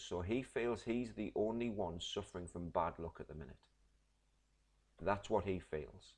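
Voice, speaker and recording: A man's voice: sits low, lively intonation, measured pace, long pauses, darkish tone. A man, teaching a literature lesson, explaining patiently and checking in with "right?". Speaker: English teacher.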